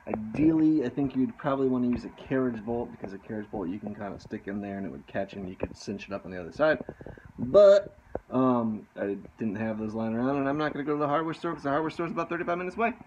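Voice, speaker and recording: A man's voice: medium pitch, mellow, muffled recording, a little hiss or hum. Wisecracking man working under a boat. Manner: joking, wisecracking, talks to himself while working. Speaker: sailboat vlogger. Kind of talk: casual DIY narration. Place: outdoors under a sailboat in a boatyard. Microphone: handheld phone.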